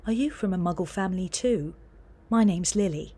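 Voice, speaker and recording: A woman voicing an eager, friendly schoolgirl in an audiobook, with a husky tone. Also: on the low side, normal speed, mellow. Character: cheerful tearful young schoolgirl witch. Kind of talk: audiobook character voice.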